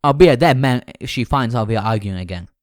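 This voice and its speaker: A man narrating as a sullen, sleep-deprived teenage boy, in a low, grumbling voice. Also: lively intonation, fast talker, no room sound, studio quality, lightly acted.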